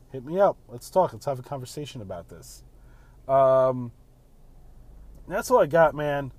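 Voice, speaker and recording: A man talks from behind the wheel in a loose, blunt monologue full of swearing. His voice sits a little high. The sound is close and dry. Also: a little mellow, dry recording. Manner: blunt, profane, ranting, keeps saying "man". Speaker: podcast host. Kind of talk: casual monologue while driving. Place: in a car.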